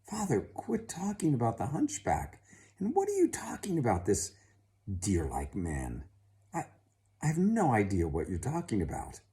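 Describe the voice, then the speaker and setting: A man's voice: sits low, sing-song, slow, long pauses, warm tone, heavily acted. A man voicing an insistent, indignant young noblewoman in a told story.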